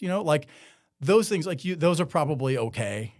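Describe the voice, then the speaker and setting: A man's voice: mid-range voice, animated, fairly quick. A man hosting a solo commentary podcast, talking in a sarcastic, conversational way with many filler words. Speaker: podcast host.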